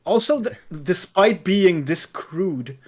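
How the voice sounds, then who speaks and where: A man co-hosting a podcast in casual chat, relaxed and quietly joking. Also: high-pitched, slow pace, breathy edge.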